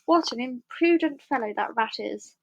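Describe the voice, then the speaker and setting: A woman's voice: fairly high pitch, expressive, moderate pace, vocal fry, muffled recording, slight background noise. A woman doing a cheerful clever fox. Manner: cheerful, sing-song.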